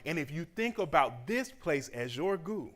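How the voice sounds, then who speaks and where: A man from Southeast Georgia, giving a lively, conversational motivational speech at a church graduation celebration. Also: on the high side, moderate pace. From Southeast Georgia, USA. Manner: animated and conversational, acting out quoted voices.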